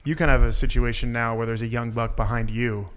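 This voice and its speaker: A man hosts a casual podcast, firing off questions and teasing his guest. His voice is bright and forward. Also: mid-range voice, flat delivery, fast talker, smooth. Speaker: podcast host. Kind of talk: casual chat.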